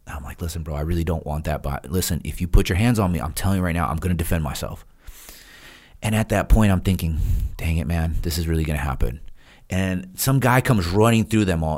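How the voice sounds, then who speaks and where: In a deep, slightly fast voice, a retired SEAL guesting on a podcast recounts a tale casually. He animatedly voices the others' lines, laughing as he quotes them.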